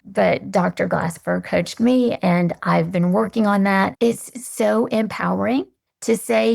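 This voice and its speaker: A woman guest on a podcast, answering in an earnest, measured, reflective way. Her voice has strong vocal fry throughout and sits in a middle register. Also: medium pitch, steady tone, darkish tone.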